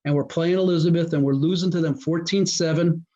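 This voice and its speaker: A man's voice: fairly high pitch, brisk. Man telling coaching stories. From New Jersey. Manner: animated storyteller who acts out quoted dialogue. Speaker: guest, former high school football coach. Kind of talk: casual storytelling interview. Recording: muffled lo-fi audio.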